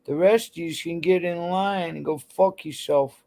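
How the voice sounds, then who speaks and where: A woman's voice: on the low side, a little slow, mellow. A woman hosting a livestream, ranting bluntly and heatedly with constant swearing. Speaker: livestream host. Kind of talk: angry livestream rant to chat.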